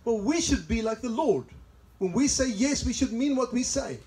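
A man's voice: very high-pitched, animated, moderate pace, a little mellow, rough recording. A man from South Africa with a South African accent, preaching a sermon and telling chatty personal stories with laughs. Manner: chatty, laughs at own asides. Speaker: pastor. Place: church service in a greenhouse.

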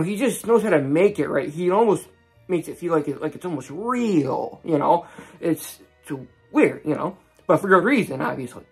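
Husky-voiced young man telling a story. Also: on the high side. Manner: rambling, full of restarts, voices the people in the story. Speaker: vlogger. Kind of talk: casual personal storytelling.

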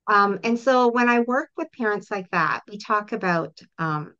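A woman's voice: mid-range voice, animated, unhurried, sharp tone, clear, resonant tone. A middle-aged woman, a parent coach, giving earnest, explanatory answers in an interview and acting out example talks with a child. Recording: dull lo-fi audio.

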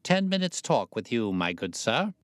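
A man reading the part of a sharp, confident male detective, crisp and faintly amused. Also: on the low side, expressive, normal speed, no echo, studio quality, natural voice.

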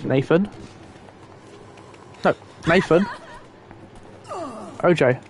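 A young man commentating a video game, exasperated and swearing loudly at the characters he guides. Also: fairly high pitch, extremely slow. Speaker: gamer. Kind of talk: let's play commentary. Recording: game sounds and noise behind voice.

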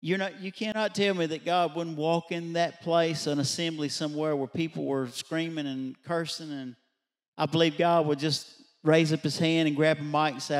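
A man's voice: fairly high pitch, fairly even intonation, normal speed. Pastor telling a story to his congregation. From Louisiana. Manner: conversational storytelling, rhetorical questions to the congregation. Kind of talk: midweek Bible study sermon. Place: church sanctuary.

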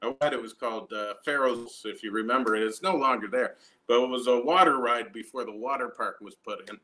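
A young Canadian-accented comedian performs a stand-up set from home, spinning a long story with deadpan asides and frequent tag questions. His voice has medium pitch and a brisk pace.

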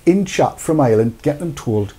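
Chatty middle-aged British man, mellow tone. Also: on the high side, animated, normal speed, breathy edge. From United Kingdom. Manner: chatty, jokey, reads viewer comments aloud. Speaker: show host. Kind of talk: casual live-stream chat.

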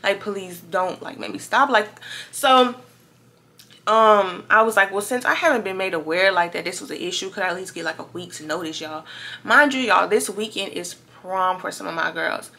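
A twenty-year-old woman from Louisiana, telling a story in a chatty, animated vlog to her viewers. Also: medium pitch, moderate pace, creaky. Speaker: vlogger.

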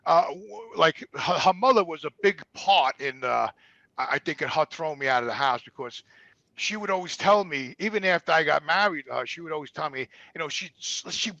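A man's voice: on the high side, lively intonation, normal speed, gravelly, bright, forceful tone, dry recording, muffled recording. A middle-aged man telling personal stories on a podcast, profane and stammering, repeating words and acting out what others said. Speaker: guest. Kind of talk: candid podcast storytelling.

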